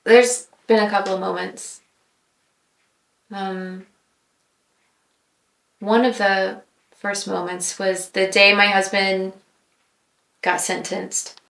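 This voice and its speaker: A woman guest on a podcast, sharing a personal faith testimony in an earnest, reflective way, with pauses and fillers. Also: medium pitch, level tone, vocal fry, fairly bright tone. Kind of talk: personal testimony in casual chat. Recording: roomy echo.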